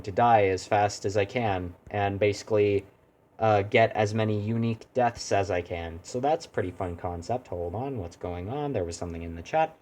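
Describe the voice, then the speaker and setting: A man with a lowish, somewhat mellow voice streams a video game, chatting casually. He rambles and keeps breaking off to talk to his chat.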